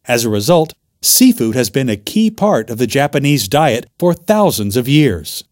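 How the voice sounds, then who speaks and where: A man reading a textbook chapter aloud in a clear, measured narration. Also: medium pitch, very animated, a little mellow, no room sound, studio quality.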